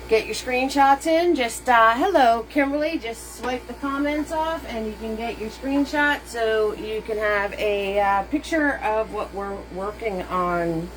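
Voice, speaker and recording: A woman with a fairly high voice hosts a live painting lesson, speaking a little slowly with hardly any pauses over background noise. She chats cheerfully, greets each viewer by name with pet names, laughs often between steps, and uses playful made-up words.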